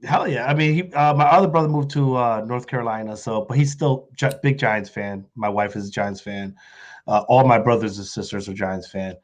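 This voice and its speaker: A man's voice: mid-range voice, brisk. A man from the Bronx who is a guest on a casual podcast chat, rambling, correcting himself and laughing often. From the Bronx, New York.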